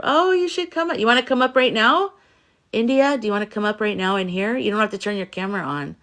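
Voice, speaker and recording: A tired woman from the United States hosting a casual livestream, chatting softly and reassuringly as she reads viewer comments. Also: mid-range voice, expressive, quick pace. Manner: soft, rambling, reassuring, reads chat messages aloud. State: tired from little sleep. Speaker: livestream host, spiritual reader.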